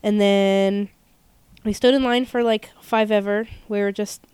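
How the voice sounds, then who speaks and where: Young woman cohost rambling through a story, lots of ums, smooth clear voice, dry close sound. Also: mid-range voice, fairly even intonation, unhurried, darkish tone, no echo. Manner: chatty, rambling storyteller with frequent fillers. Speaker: podcast co-host. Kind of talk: casual chat.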